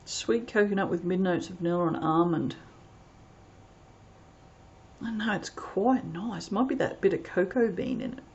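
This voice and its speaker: Woman, chatty unboxing host, lowish voice, dull home recording. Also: moderate pace, long pauses, darkish tone, slight background noise. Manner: chatty, rambling, reads product blurbs aloud. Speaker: soap maker reviewing fragrances. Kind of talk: casual unboxing chat.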